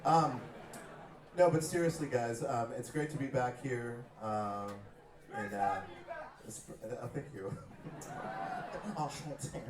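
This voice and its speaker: On a concert stage, a male comedian-musician trades playful, absurd, mock-serious banter with the crowd. His mid-range voice is slow with long pauses, picked up by a far mic in an echoey live venue with a loud crowd and heavy background noise.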